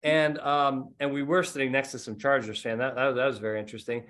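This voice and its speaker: A man's voice: mid-range voice, level tone, a little fast, a bit bright. A middle-aged man hosting a podcast, telling stories in casual, self-mocking chat. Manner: rambling storyteller, self-mocking. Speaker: podcast host.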